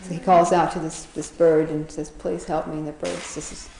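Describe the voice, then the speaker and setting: A woman's voice: deep voice, flat delivery, fairly quick, vocal fry, warm tone, echoey room, slight background noise, rough recording. Chatty woman telling a fable. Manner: chatty, laughs often, frequent fillers and restarts. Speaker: storyteller. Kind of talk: casual retelling of a children's fable.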